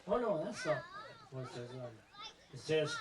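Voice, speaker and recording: A man's voice: on the high side, very animated, moderate pace, background noise. A middle-aged man giving a rambling, joking speech at a family gathering, often correcting himself as he goes. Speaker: son giving a presentation. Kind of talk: informal family speech with jokes.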